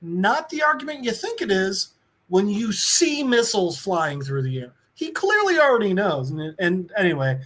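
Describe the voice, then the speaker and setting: Brief: male podcast co-host, high-pitched, chatty and profane, loose comic book recap. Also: big pitch swings, moderate pace, fairly bright tone. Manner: rambling, profane, filler-heavy, acts out quotes.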